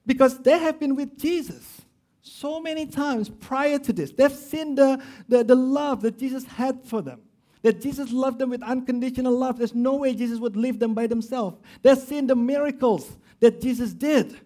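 Guy preaching a sermon, kinda high voice, gets loud then drops real quiet for emphasis. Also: moderate pace. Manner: acts out quoted voices of grumblers and of Jesus. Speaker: pastor.

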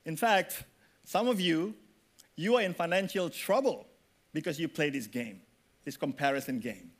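A male pastor delivering a sermon, animated and conversational, often asking the congregation questions. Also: fairly high pitch, normal speed.

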